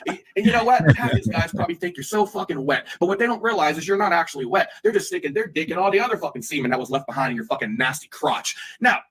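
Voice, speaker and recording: A man streaming a crude, mocking rant with sudden shouting bursts. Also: fairly high pitch, expressive, quick pace, hardly any pauses, husky. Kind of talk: ranting livestream commentary.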